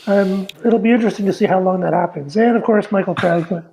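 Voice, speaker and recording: A man hosting a radio show, chatting in a relaxed, halting way with lots of fillers. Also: sits high, creaky, a crowd in the background, rough recording. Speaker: podcast host. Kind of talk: casual chat. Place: home studio, newly moved.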